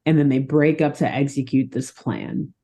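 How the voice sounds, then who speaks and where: Low, mellow-voiced woman recapping a cartoon. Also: moderate pace, vocal fry, breathy edge. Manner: animated storytelling, laughing often. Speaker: podcast co-host recapping a cartoon. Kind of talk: casual chat.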